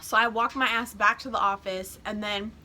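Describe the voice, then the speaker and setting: Bright-voiced teenage girl telling a storytime. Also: mid-range voice, normal speed, a little hiss or hum. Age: teens. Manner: animated, swearing, acts out quoted voices. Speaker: vlogger. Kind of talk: casual storytime. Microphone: phone camera.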